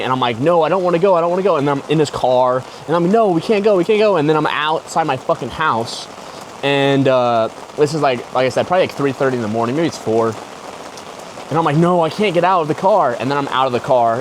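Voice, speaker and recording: A young man telling a personal story in a slangy, rambling way, full of "like" and "bro". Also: mid-range voice. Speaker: podcast host. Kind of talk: casual storytelling. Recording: loud rain noise behind the voice. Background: heavy rain.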